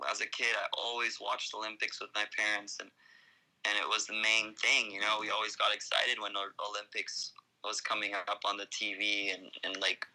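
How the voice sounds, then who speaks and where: A young man in his twenties from Costa Rica, a surfer guest telling his story casually in an excited, rambling way with many fillers. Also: on the low side, moderate pace, low-quality recording.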